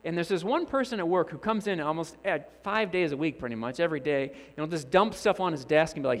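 A man's voice: on the high side, fast talker, hardly any pauses. Man preaching in a reverberant hall. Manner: animated storyteller acting out characters' lines. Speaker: guest preacher. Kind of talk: sermon storytelling. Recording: long church reverb.

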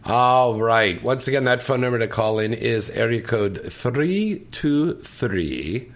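A man's voice: mid-range voice, expressive, unhurried. A man hosting a call-in radio show, joking and affectionate with his guests. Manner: joking, affectionate, playful with accents. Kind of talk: casual call-in radio talk.

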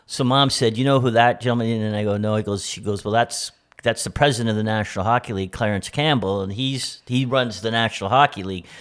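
Low-voiced man prompting family stories. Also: fast talker, hardly any pauses, a bit bright. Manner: eager, asks questions, retells with quoted voices. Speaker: podcast co-host. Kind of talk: casual chat, prompting stories.

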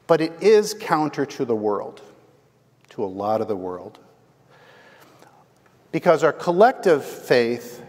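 A man preaching a sermon as the pastor, telling a story and asking the congregation "right?". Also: medium pitch. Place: church. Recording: long hall reverb.

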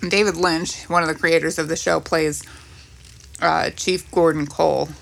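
Woman co-host, lowish voice, relaxed casual chat. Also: normal speed, vocal fry.

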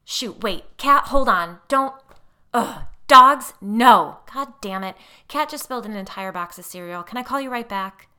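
A woman voicing an anxious, frazzled woman friend who talks in a hurried, flustered way, in a storybook reading. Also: lowish voice, bright, forceful tone.

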